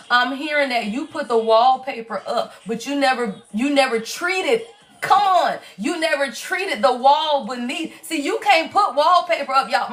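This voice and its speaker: Her voice is high and fairly bright: a middle-aged tarot reader from the South, Southern accent and all, holding forth on a livestream. She's blunt, preachy and quick to swear.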